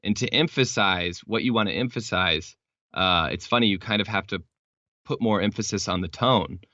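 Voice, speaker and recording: Very deep-voiced man, dull lo-fi recording. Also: normal speed, sharp tone, dry recording. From Texas, United States. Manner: rambling, explanatory, many fillers and restarts. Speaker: podcast guest. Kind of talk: casual interview chat. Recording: dull lo-fi sound.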